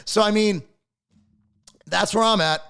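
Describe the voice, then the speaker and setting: A man's voice: high voice, unhurried, gravelly, fairly bright tone, smooth, faint music behind. Blunt, profane middle-aged man ranting. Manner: blunt and profane, rambling with repeated words. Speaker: host of his own fitness channel. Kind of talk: casual opinion rant to camera.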